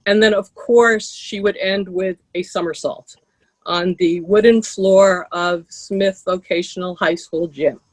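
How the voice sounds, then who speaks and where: A woman shares stories about an old friend at an online memorial. She speaks over a video call in a relaxed, anecdotal way. The sound is dry and close. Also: lowish voice, a little slow, no echo, rough recording. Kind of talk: casual storytelling remembrance.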